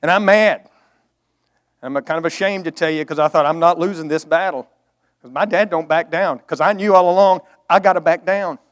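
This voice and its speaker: Earnest preacher man, higher voice. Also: normal speed. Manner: earnest, emotional, swells to emphatic outbursts. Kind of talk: storytelling sermon.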